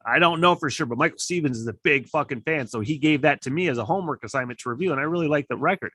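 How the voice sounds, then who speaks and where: A middle-aged man from Michigan hosting a casual solo podcast, rambling and swearing, getting worked up and loud at times. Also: on the high side, racing, no room sound, studio quality. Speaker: podcast host.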